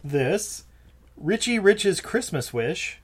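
A man's voice: high voice, big pitch swings, takes it slowly, slightly rough. A man co-hosting a podcast in loose, joking chat. He laughs easily and talks with a lot of rise and fall in his voice. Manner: jokey, laughs often, uses "y'all". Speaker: podcast co-host.

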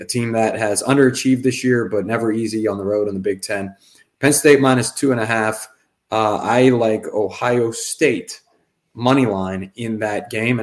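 A man with a slightly low voice talking sports on a casual podcast. He hands out betting picks with breezy confidence, one after another. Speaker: podcast co-host.

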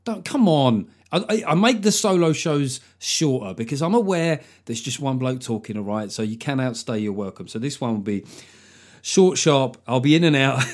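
Sweary comedian hosting a podcast. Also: male voice, medium pitch, a little fast. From London. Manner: sweary, joking, lively storytelling. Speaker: podcast host and stand-up comedian. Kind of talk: solo podcast monologue.

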